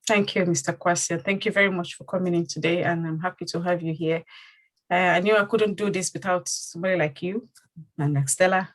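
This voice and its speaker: A woman's voice: on the low side, steady tone, a little fast, low-quality recording. A woman who leads her community and hosts a panel discussion. She speaks earnestly and repeats phrases for emphasis. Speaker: community leader and host.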